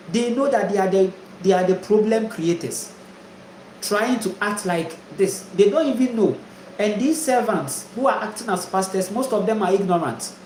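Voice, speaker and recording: A man's voice: sits high, a little mellow, echoey room, a little hiss or hum, low-quality recording. A man from Ghana preaching a spiritual monologue, emphatic and repetitive, full of rhetorical questions. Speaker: spiritual teacher.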